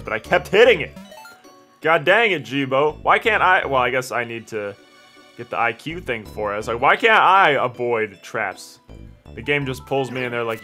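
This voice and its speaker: A man hosting a let's play, commentating excitably and yelling at his teammate and the game. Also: medium pitch, moderate pace, faint music behind.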